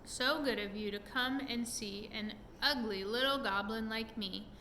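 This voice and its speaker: Sly little goblin guy, soft and sugary polite, a mom reading puts him on, bright voice. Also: fairly high pitch, a little slow, slight background noise, poor audio. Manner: soft and falsely courteous.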